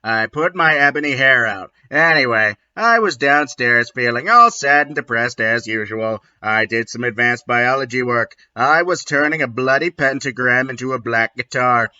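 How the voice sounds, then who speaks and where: A man reading aloud as a melodramatic goth teenage girl, slow and mock-dramatic. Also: mid-range voice, bright, forceful tone, lo-fi sound. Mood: mock-tragic.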